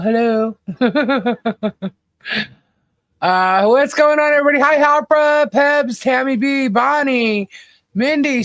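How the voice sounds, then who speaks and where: A woman's voice: fairly high pitch, no echo. A woman co-hosting a livestream in casual chat, laughing often and greeting viewers by name. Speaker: livestream co-host.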